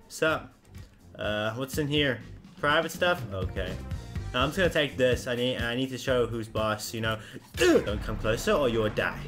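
A man commentating a game he is playing, excitable and often laughing while he talks to the characters on screen. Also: fairly high pitch. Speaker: gameplay commentator. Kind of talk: let's play commentary.

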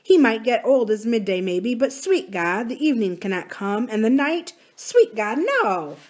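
A woman's voice: fairly high pitch, sing-song, unhurried, a little mellow, pitched above the performer's own voice. A woman reading aloud as a group of grown siblings, speaking in an outraged, anxious way. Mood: distraught.

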